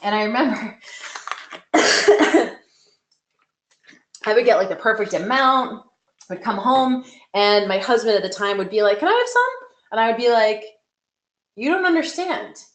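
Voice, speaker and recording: A woman's voice: medium pitch, a little slow, long pauses. A woman nutrition coach giving a webinar talk in a conversational, emphatic way, often using "like" as a filler. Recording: echoey room.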